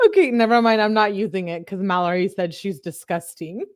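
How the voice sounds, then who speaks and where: A woman's voice: mid-range voice, brisk, no room sound, clean studio sound. A woman chatting casually and reading text messages aloud as a commentator, laughing and talking to her viewers. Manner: chatty, laughs often, talks to chat. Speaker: true crime commentator reading texts.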